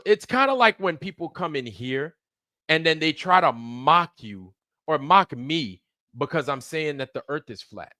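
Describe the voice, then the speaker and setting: A man with a fairly high-pitched voice rants on his livestream, fired-up and profane, hammering each point with repeats. The sound is dry and close, with no room around him. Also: a bit bright, no room sound. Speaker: livestream host. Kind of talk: heated ranting commentary.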